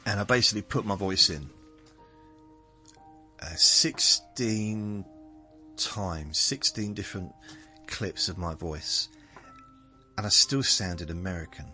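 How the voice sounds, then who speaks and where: A deep-voiced man from southern England speaks slowly with frequent pauses, his delivery pushed and bright, over soft background music. As a podcast host, he rambles through a self-correcting monologue designed to lull listeners to sleep.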